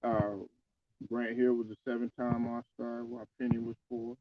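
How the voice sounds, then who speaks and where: A man's voice: medium pitch, monotone, moderate pace, phone-quality sound, noisy background. A man talking casually about basketball, loose and conversational, with many fillers and restarts. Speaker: sports commentator. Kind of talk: casual basketball opinion talk.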